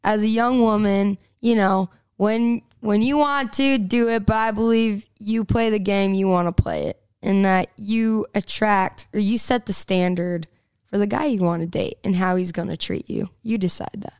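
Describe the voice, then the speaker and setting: Giggly young woman from texas, smooth clear voice, rambly interview chat. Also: mid-range voice, fairly even intonation, moderate pace, darkish tone, dry recording. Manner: bubbly, chatty, laughs often, rambling restarts. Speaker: singer-songwriter guest. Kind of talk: casual radio interview chat.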